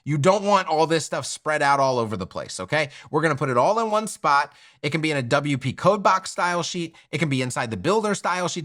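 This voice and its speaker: A man's voice: on the high side, fairly bright tone. A man teaching a web design tutorial while sharing his screen. He is upbeat and direct, often checks in with "okay?", and his voice is still affected by a recent illness.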